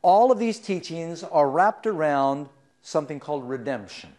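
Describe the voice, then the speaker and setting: Middle-aged guy preaching, kinda high voice, swoops up and down a lot, asks the crowd stuff. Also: lively intonation, moderate pace. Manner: storytelling, asks the audience questions, drops soft for sad parts. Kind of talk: sermon.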